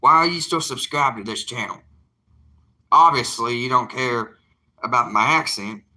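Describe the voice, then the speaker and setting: A man's voice: mid-range voice, normal speed, sharp tone. A young man with a Southern US drawl talking to his viewers in a casual vlog monologue, emphatic and folksy, repeating lines for emphasis. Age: young adult. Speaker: evangelist vlogger.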